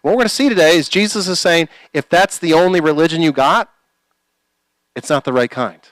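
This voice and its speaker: A man with a fairly high voice preaches a sermon to his congregation. He fires off rhetorical questions, and his voice comes through dry and close with almost no room sound. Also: a little fast, a bit bright, no echo, rough recording. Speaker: pastor. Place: church.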